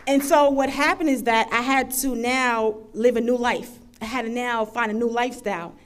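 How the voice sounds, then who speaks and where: Earnest woman speaker, slightly high voice. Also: normal speed, a little hiss or hum. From United States. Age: 30s. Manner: earnest, emphatic, building to passionate intensity. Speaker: panel speaker. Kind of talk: personal testimony talk.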